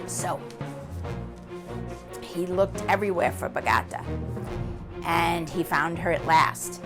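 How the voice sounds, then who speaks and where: A woman librarian telling a children's story in an animated, expressive way. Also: on the low side, takes it slowly, pauses often, music in the background. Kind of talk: storytime read-aloud.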